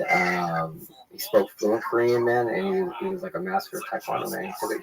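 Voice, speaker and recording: Fast-talking low-voiced man, rambling. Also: poor audio. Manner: relaxed, rambling, sprinkles "man" and "you know". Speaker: interview guest. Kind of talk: casual storytelling.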